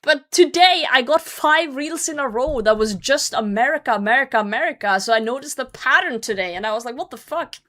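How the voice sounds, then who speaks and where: A woman's voice: high-pitched, expressive, fairly quick, few pauses, a bit bright. A woman streamer chatting casually to her viewers. She swears freely, laughs often and flares into mock rants. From outside the US. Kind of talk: casual live-stream chat.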